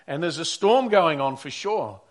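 A man preaching a Sunday sermon in a conversational way, swinging between loud emphatic lines and quiet asides. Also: a little high, animated, measured pace. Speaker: pastor.

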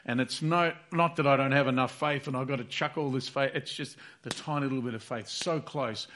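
A man's voice: medium pitch, fairly even intonation, brisk, a bit bright. A man preaching a sermon, earnest and repetitive, acting out heartfelt prayers aloud.

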